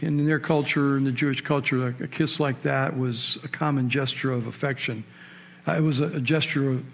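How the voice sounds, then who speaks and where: A man preaching a sermon in a conversational storytelling way, asking his listeners questions and rising sharply in pitch and volume to stress key points. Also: creaky. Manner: storytelling, with sudden rises in pitch and loudness for emphasis. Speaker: pastor.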